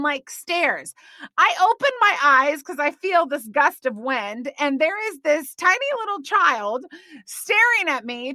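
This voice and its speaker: A woman in her thirties hosting a faith podcast, telling a family story in a bubbly, animated way with quick asides. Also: sits high, dry recording. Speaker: podcast host.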